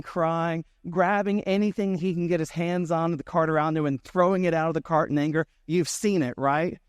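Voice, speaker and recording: A man's voice: a little high, smooth, no echo, clean studio sound. A man in his thirties, a pastor giving a conversational sermon, telling stories with asides to the congregation.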